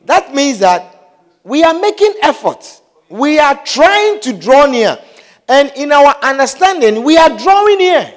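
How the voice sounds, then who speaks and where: High-voiced man preaching a sermon. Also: big pitch swings, unhurried. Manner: keeps asking the congregation whether they understand; repeats key phrases for emphasis. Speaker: pastor.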